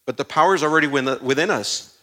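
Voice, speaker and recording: A male preacher delivering a sermon in a loose, conversational manner. His voice sits a little high and rings bright and forward. He keeps it animated and throws in asides and everyday stories. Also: fast.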